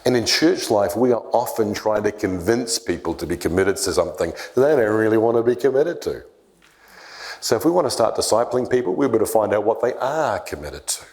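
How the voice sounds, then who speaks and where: A man's voice: fairly low pitch, brisk. A man giving a church leadership talk on discipleship, telling stories and acting out the voices in them. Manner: animated storyteller acting out quoted voices.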